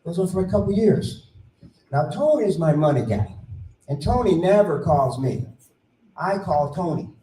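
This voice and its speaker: A middle-aged man tells a folksy story at a conference and acts out every exchange in quotes. His voice sits high for a man. He sounds a bit far from the mic in a roomy space with faint ambience behind. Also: lively intonation, measured pace, pauses often, mellow, a little hiss or hum. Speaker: conference speaker. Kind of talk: storytelling keynote talk. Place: conference room.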